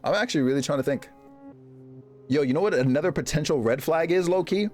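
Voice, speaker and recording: A man streaming live, chatting casually with his viewers and reacting to them in a jokey, animated way. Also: fast talker, faint music behind. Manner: animated, jokey, reacting to chat with big pitch jumps and laughs.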